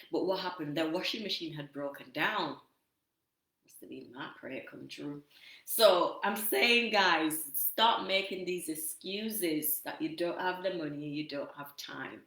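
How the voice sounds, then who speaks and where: A woman with a British Jamaican accent, a business coach giving an emphatic, energetic motivational talk straight to her viewers. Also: low voice, reverberant, poor audio. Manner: energetic, emphatic and repetitive, addressing viewers directly.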